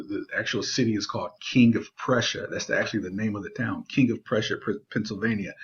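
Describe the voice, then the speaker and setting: Male GED teacher, lower register, enthusiastic and full of "uh"s, dull lo-fi recording. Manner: warm, excited shout-outs with frequent fillers. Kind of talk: enthusiastic video announcement. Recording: dull lo-fi video audio.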